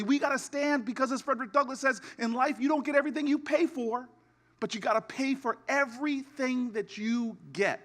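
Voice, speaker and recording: A man delivers a keynote in a high, bright, forceful voice. He moves from humorous family stories to a rousing, oratorical finish, repeating his lines louder each time. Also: brisk. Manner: oratorical, builds to shouted repetition; humorous storytelling asides. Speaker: keynote speaker.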